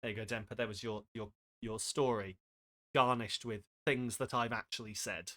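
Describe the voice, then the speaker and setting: A man's voice: on the low side, steady tone, moderate pace, a bit bright. A man streaming a game with casual, rambling commentary, self-mocking and full of asides.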